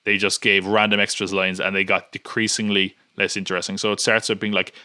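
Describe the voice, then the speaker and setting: A man's voice: on the low side, level tone, a little fast, bright, forceful tone, dry recording, clean studio sound. A man hosting a podcast in casual chat, rambling and nitpicking with many restarts. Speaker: podcast host.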